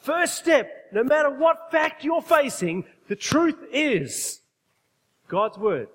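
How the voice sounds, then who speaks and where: A man's voice: extremely high pitch, very animated, slow, a bit bright, long reverb tail. A man preaching a sermon, emphatic, often putting questions to his congregation. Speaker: pastor.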